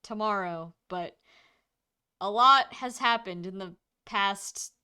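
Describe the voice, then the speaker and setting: Woman GM doing a hesitant male companion, halting, trailing off, bright, clear voice. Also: mid-range voice. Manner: halting, trailing off mid-thought.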